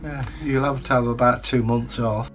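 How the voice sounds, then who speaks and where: A man's voice: mid-range voice, steady tone, moderate pace, music in the background. A man, co-hosting a casual chat and telling easygoing, rambling stories. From England. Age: 60s. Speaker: co-host reading viewer comments.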